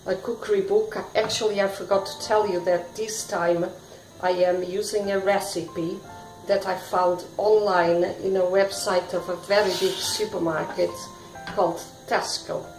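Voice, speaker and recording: Slow, chatty woman cooking at home. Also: mid-range voice, steady tone, darkish tone. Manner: chatty, self-deprecating asides to the viewer. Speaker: cooking show host. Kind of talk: casual cooking demonstration. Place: home kitchen. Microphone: self-filmed camera. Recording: roomy echo, faint background music.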